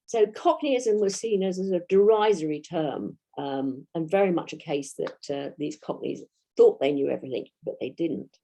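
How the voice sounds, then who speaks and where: A woman with a British English accent gives a history lecture, reading out dates and quotations at a measured pace. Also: low-pitched, expressive, mellow. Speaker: historian giving a talk.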